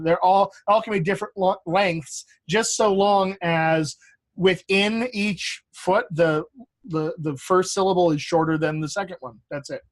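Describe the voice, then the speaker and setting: A man co-hosting a casual lesson on verse, playful and tapping out rhythms aloud. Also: fairly high pitch. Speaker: co-host explaining verse. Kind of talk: casual teaching chat.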